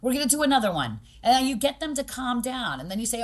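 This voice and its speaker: This woman's voice sits on the high side, sing-song, and she talks fast. As a boxing gym owner guesting on a podcast interview, she's direct and pragmatic, leans on emphasis, and acts out the people she quotes.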